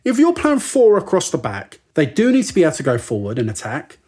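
Brief: husky, slightly high man, chatty football podcast co-host. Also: wildly swooping pitch, brisk, a little mellow. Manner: chatty, jokey, mimics people mid-story. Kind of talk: casual football chat.

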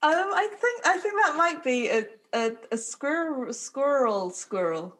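A woman's voice: high-pitched, very animated, a little slow, a bit bright. Jokey sweary woman co-host. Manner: jokey, sweary, mock-formal. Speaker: podcast co-host. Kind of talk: casual chat.

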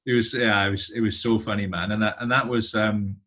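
A man's voice: lowish voice, little pitch movement, brisk, pushed and bright. A man in his thirties, a touring musician and podcast guest, telling rambling stories with many halts and restarts. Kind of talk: casual conversation.

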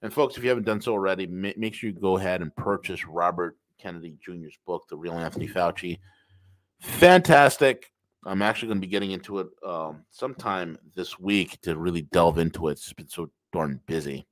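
This podcast host has a deep voice and talks fairly quickly, though the audio is poor. He offers opinionated commentary, repeating phrases for emphasis and calling his listeners "folks."

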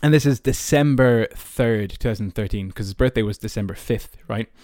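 A man's voice: on the low side, moderate pace, a little mellow, dry recording. Chatty young Irish man, dry sound. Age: early 20s. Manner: chatty, many fillers like "like" and "you know". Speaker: podcast host. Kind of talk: casual personal storytelling.

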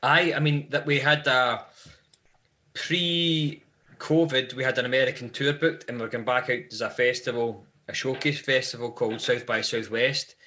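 Bright-voiced Scottish man telling tales. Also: mid-range voice, fairly even intonation, moderate pace. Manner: rambling anecdotal storyteller. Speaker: band member guest. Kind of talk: live podcast interview.

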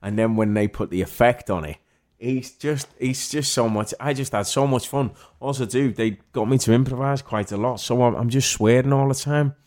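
A man's voice: mid-range voice, moderate pace, a little mellow. A man with a Liverpool accent, an actor talking as a guest in a casual interview, telling chatty stories. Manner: chatty storyteller, acts out others' voices.

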